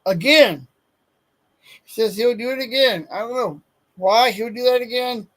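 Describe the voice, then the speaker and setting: A man's voice: very high-pitched, moderate pace, a bit bright, poor audio. A man hosting a casual sports talk show, reading off a list of names and often stumbling and correcting himself. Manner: stumbles over player names, self-correcting. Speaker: sports podcast host.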